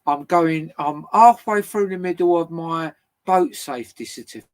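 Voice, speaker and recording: A man's voice: fairly high pitch, moderate pace. A British man chatting casually on a live stream from home, laughing often and swearing freely. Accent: British English. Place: at home with his dog.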